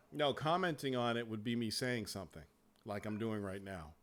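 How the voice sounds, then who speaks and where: A man hosting a casual gaming chat show, talking in a profane, animated way and laughing often. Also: lowish voice, moderate pace. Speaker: show host.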